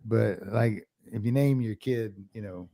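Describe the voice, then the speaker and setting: Gravelly-voiced joking man. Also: fairly low pitch, measured pace, mellow, dry recording, studio quality. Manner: joking, laughs often. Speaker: podcast co-host. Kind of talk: casual chat.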